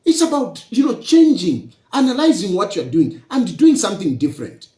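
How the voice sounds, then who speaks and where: A man's voice: high-pitched, big pitch swings, normal speed, mellow, roomy sound. A man with a Zambian accent, a politician giving a public address and lecturing his rivals with rhetorical questions.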